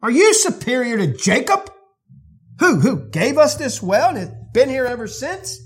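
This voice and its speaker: A man's voice: very high-pitched, sing-song, moderate pace, breathy edge, pitched above the performer's own voice, heavily acted. A man preaching puts on a scornful Samaritan woman at a well, firing off incredulous, mocking questions.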